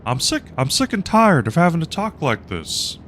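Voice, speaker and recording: A streamer's rough Texan dad impression. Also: male voice, on the high side, big pitch swings, normal speed, fairly bright tone, a little hiss or hum, pitched above the performer's own voice. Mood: scolding. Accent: put-on Texan. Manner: raised, exasperated scolding. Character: stern Texan cartoon dad, impression attempt.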